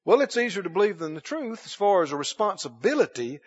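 A man with a high, bright-pitched voice preaches a sermon, pressing his congregation with rhetorical questions and emphatic calls. His voice rings out with a long echo through a church sanctuary. The recording sounds dull and muffled. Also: very animated, fast talker, husky.

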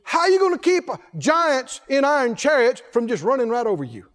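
Man preaching, high voice swinging all over, folksy and lively, echo from the hall. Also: fairly quick. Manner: animated, rhetorical questions to the congregation; folksy, laughs between points. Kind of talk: sermon. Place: church. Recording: echoey hall reverb.

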